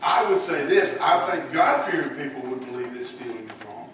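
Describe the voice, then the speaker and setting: A man's voice: mid-range voice, animated, normal speed, fairly bright tone. A man teaching a church Bible lesson in a folksy way, putting questions to his class. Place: church room. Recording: echoey room, voice from far off, faint hiss.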